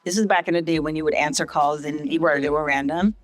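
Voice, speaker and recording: A woman's voice: deep voice, fast talker, no echo, soft background music. A middle-aged woman from St. Vincent, a hospital CEO and podcast guest, telling her life story casually. She brings the story to life by acting out other people's lines. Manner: lively storyteller who acts out other people's quoted lines in a raised voice.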